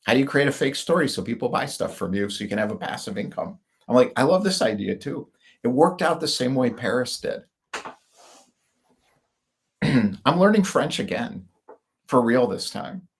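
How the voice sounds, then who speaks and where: A middle-aged man from the United States rambling through personal stories with wry asides, in casual monologue style. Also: mid-range voice. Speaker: speaker.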